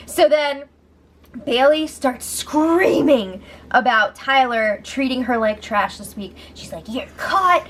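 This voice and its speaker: A young woman giving a casual, excitable recap of a reality show, laughing often as she talks. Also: high voice, slight background noise.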